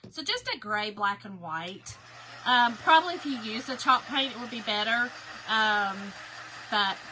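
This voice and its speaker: A woman's voice: fairly high pitch, animated, unhurried, pushed and bright, a little hiss or hum. A woman hosting a casual craft livestream, chatting to viewers and reading their comments aloud, stumbling over words because her mouth is sore.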